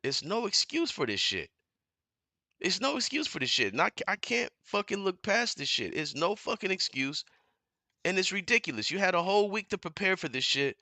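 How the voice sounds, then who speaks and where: A man in a fired-up, profane fan rant on his live stream, repeating himself and getting louder as he goes. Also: a little high, no echo. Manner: heated, profane, repeats himself, builds to shouting. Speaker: sports commentator streamer. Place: home living room.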